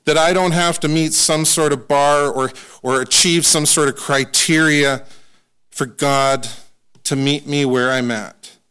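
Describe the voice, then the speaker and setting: A man preaching a sermon in a conversational, self-deprecating way, slowing down to stress scripture. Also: fairly high pitch, fairly even intonation, bright, forceful tone, smooth. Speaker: pastor.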